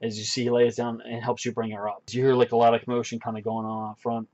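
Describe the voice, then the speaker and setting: A man's voice: mid-range voice, completely flat delivery, fast, a little mellow, highs cut off. A man running a tabletop game as game master, narrating in a rambling way with many fillers. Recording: background music.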